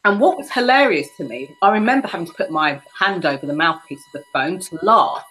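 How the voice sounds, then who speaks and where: A woman's voice: on the low side, lively intonation, brisk, fairly bright tone, low-quality recording. A woman hosting a podcast interview, telling a personal story in a reflective, conversational way. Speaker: podcast host.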